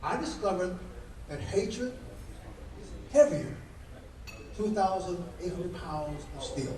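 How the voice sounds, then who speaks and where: Slow and animated, this man's high-pitched voice carries a fiery political speech at a dinner where he is the guest speaker. He uses a preacher-like, emphatic rhythm and piles up rhetorical questions, captured from far off in an echoey banquet hall with background noise.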